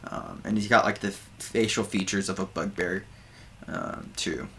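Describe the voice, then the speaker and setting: A man's voice: low-pitched, fairly even intonation, moderate pace, sharp tone, a little hiss or hum. Casual man narrating as game master. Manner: casual, many fillers and restarts while describing.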